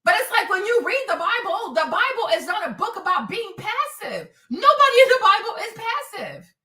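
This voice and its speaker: A woman's voice: very high voice, big pitch swings, fairly quick, bright, forceful tone, roomy sound, far from the mic. A woman hosting a livestream, talking in an emphatic, repetitive, preachy way. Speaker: livestream host. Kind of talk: preachy casual livestream talk.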